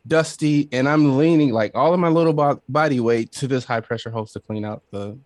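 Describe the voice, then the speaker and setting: Dry-voiced animated man telling stories. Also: medium pitch, brisk, no echo. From Southern Illinois, USA. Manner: animated storyteller, laughs often, acts out quoted voices. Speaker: podcast producer, guest. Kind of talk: casual storytelling interview.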